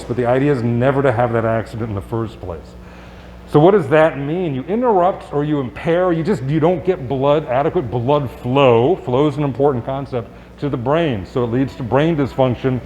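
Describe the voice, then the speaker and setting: A male doctor giving a live presentation to an audience, speaking conversationally with quick asides and rhetorical questions. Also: medium pitch, darkish tone, slight background noise. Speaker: physician giving a health talk. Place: public event space.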